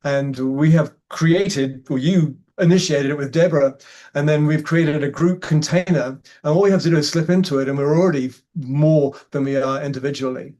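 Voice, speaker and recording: Male panelist, slightly high pitch, halting and musing. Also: warm tone. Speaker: guest panelist. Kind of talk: reflective spiritual conversation.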